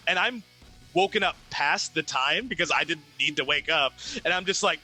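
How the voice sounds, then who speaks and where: A man's voice: a little high, fairly quick. A young man, a ring announcer, telling a story casually in an interview and acting out the conversations he quotes. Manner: animated, acts out quoted exchanges.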